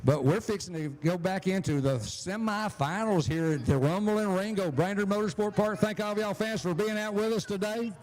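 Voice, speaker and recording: High-voiced Southern man announcing races. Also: darkish tone. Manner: fast-talking, folksy, slips on words. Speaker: drag race announcer. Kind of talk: live track announcing. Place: outdoors at a drag strip. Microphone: handheld microphone.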